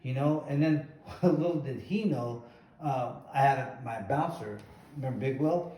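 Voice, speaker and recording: A man's voice: medium pitch, moderate pace, dark tone. A middle-aged man hosting a casual chat, telling rambling stories and acting out what people said. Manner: rambling, acts out quotes. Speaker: host, former boxer. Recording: echoey room, mic at a distance.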